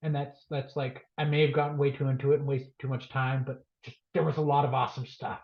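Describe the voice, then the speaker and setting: A man co-hosting a podcast, recapping a book in an animated, jokey way and acting out the scenes. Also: medium pitch, quick pace. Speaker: podcast co-host. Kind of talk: excited comedic book recap. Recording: roomy, dull lo-fi podcast audio.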